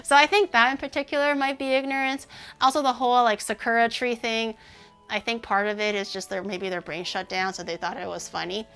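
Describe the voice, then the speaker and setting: A woman streaming and chatting casually with her audience, rambling with lots of "like" and sounding animated and indignant. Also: on the high side, fairly quick, clear, resonant tone, faint music behind.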